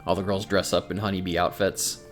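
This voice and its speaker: A man's voice: sits low, flat delivery, brisk, soft background music. A man hosting a casual gaming chat, sarcastic and swearing freely. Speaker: let's play host.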